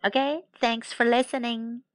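A woman teaching English to children, repeating each phrase slowly and clearly. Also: a little high, fairly even intonation, dry recording. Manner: slow, clear repetition. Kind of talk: children's language lesson.

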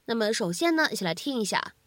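A woman teaching English pronunciation in a cheerful, explanatory way, slowing down to model each phrase. Her voice sits a touch high and moves lively, recorded close and dry. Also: no echo. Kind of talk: scripted lesson narration.

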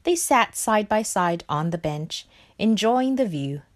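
A woman narrating a children's picture book aloud in a slow, expressive storytelling voice. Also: mid-range voice, dry recording, clean studio sound.

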